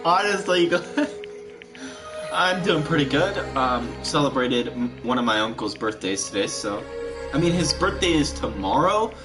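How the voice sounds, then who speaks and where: A man's voice: mid-range voice, lively intonation, normal speed. A young man doing casual live-stream commentary over a video game, laughing constantly between rambling, self-mocking asides. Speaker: let's play streamer. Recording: game music playing behind the voice. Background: game background music.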